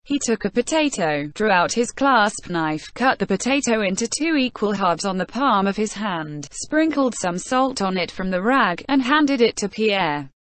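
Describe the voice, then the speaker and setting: Synthetic woman audiobook narrator, mid pitch, even measured read, dry close sound. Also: no echo. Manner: even, measured reading that reads punctuation marks aloud.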